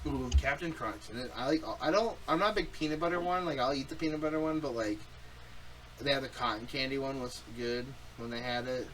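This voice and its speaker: A young man co-hosting a casual podcast, loud and profane, teasing his co-host and telling animated stories. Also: mid-range voice, brisk, recorded from a distance, a little hiss or hum, low-quality recording.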